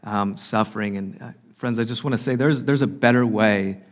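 A man's voice: lowish voice, normal speed. Earnest man giving a church talk. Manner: earnest, with frequent fillers and restarts. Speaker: conference speaker and podcast host. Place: conference hall.

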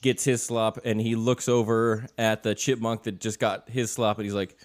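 A man running a tabletop game as game master, narrating scenes in a relaxed way with frequent chuckles. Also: fairly low pitch, normal speed.

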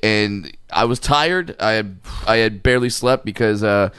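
A man's voice: lowish voice, normal speed, a bit bright, clear, resonant tone, no echo, clean studio sound. A man, a comedian co-hosting a podcast, telling an anecdote in casual chat and acting out the other people's lines. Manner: storytelling, acts out voices.

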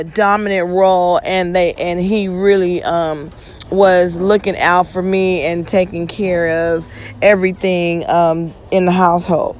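A woman hosting her own podcast, talking in a blunt, profane, rambling monologue and yawning often. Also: medium pitch. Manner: frequent yawning. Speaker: podcast host. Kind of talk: casual monologue.

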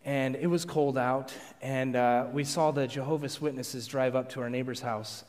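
A man preaching to a live congregation, telling a self-deprecating personal story in an animated way. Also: medium pitch, normal speed, few pauses. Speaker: pastor. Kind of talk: storytelling sermon. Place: large hall with a live audience. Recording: long hall reverb.

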